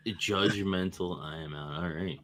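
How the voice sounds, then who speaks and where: A man's voice: sits low, measured pace, a bit bright, slight background noise. A man co-hosting a casual livestream, mostly murmuring agreement and adding short dry remarks. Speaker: co-host.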